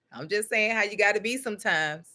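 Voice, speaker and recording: Woman, bright clear tone, spoken prayer and meditation, laughing, talks aloud to God. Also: mid-range voice. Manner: slow soothing prayer cadence. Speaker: spiritual teacher.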